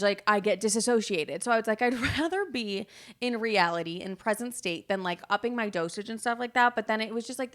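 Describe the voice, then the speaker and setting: This twenties podcast host rambles through a candid, casual chat, swearing freely and acting out quoted dialogue. Her mid-range voice has a fairly bright tone.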